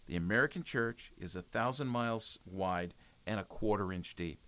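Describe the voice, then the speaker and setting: Man, lowish voice, interview guest, earnest, exhortative, restarts sentences. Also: moderate pace, sharp tone. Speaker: podcast guest, youth ministry speaker. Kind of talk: conversational interview.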